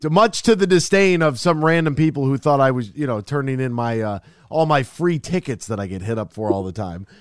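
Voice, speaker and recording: A man on a casual radio chat, telling lively stories and acting out both sides of conversations. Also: mid-range voice, a little fast, few pauses, no room sound, clean studio sound. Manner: lively storyteller, acts out exchanges.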